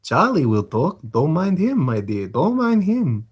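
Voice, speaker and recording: Dude doing a sneaky old crook, coaxing, slightly raised voice. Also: male voice, on the high side, huge pitch swings, measured pace, breathy edge, voice pushed up, heavily acted. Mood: wheedling. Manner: wheedling, calls everyone my dear. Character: old scheming male fence, wheedling and sly.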